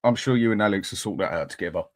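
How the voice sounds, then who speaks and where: A man's voice: deep voice, very fast. A man joining a chat show as a guest, laid-back and reassuring, chuckling as he talks. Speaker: guest co-host. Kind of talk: casual chat.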